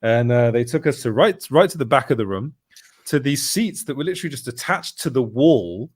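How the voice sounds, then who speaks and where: A man's voice: medium pitch, lively intonation, a little fast, breathy edge, dry recording. A man, telling a rambling anecdote in casual chat, often correcting himself. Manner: rambling, self-correcting storyteller with laughs. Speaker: podcast host.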